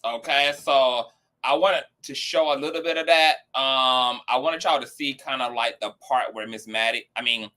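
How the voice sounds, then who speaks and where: A man hosting a gossip commentary show, sassy, profane and animated as he reacts to a clip. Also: mid-range voice, moderate pace. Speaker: commentary channel host.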